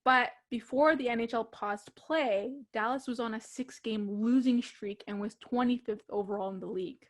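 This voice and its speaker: Young woman, co-host, hockey chat, slightly high-pitched, laughs a lot. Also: moderate pace. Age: young adult. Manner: chatty, laughs often. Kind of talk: casual sports talk.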